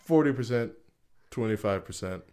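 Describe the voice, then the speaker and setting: Over a noisy crowd, a man with a mid-range voice and lively intonation talks at normal speed. He co-hosts a casual podcast, chatting freely, laughing often, and reading list items and quotes aloud, the quotes with raised energy.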